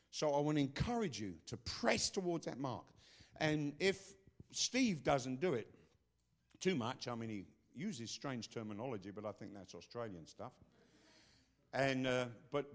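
Forceful older preacher man. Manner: forceful, swings between loud bursts and low asides. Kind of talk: sermon.

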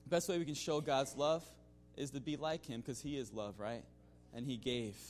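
A man's voice: medium pitch, fairly even intonation, moderate pace, darkish tone, soft background music. A man giving a spoken testimony to his congregation in a loose, conversational way, full of "you know" fillers, restarts and the odd chuckle. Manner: chuckles now and then. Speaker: church member giving a mission-trip testimony.

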